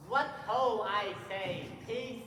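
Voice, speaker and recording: A teen actor as a mocking high-voiced jester. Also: male voice, slow. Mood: playful. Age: late teens. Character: witty young male jester, mocking and playful. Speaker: student actor. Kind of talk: school stage play. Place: school stage. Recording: echoey hall from far off, audience noise.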